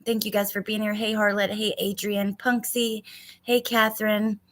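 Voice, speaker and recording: A woman's voice: mid-range voice, level tone, normal speed, fairly bright tone. A woman hosting a casual true crime livestream, talking a lot and greeting viewers by name, a little frustrated.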